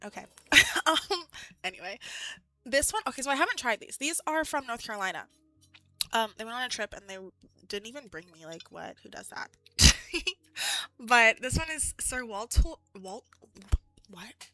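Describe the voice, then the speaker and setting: A woman's voice: fairly high pitch, expressive, moderate pace, pushed and bright. A woman streaming live, chatting casually with viewers in a rambling, giggly way, full of "like".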